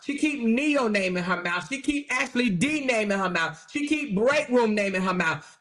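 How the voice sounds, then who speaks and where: The host of her own channel, a woman, rants casually with blunt, mocking, profane remarks and repeated phrases for emphasis. Her voice sits on the high side with a fairly bright tone.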